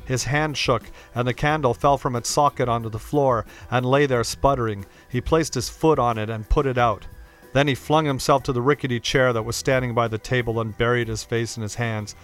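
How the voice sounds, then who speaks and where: A man reading a classic novel aloud as narrator, in a steady, measured, dramatic way. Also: mid-range voice, soft background music. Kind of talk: audiobook reading of classic fiction.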